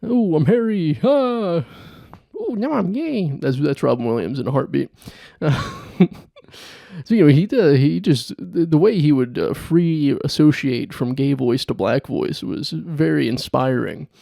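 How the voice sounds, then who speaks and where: A young man riffs alone on his comedy podcast, rambling and chuckling at his own jokes. His voice is mellow and gravelly, at an ordinary pitch. The sound is close and dry. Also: measured pace, no room sound. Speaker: podcast host. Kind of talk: solo comedy podcast monologue.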